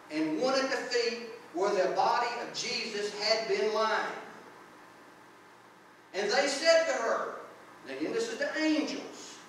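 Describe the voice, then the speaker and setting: A male pastor delivers a sermon at a slow, deliberate pace, pausing for brief prayers and reading scripture aloud. His voice sits fairly high. It is recorded from far off in a very reverberant church, with faint noise underneath. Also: fairly bright tone. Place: church sanctuary.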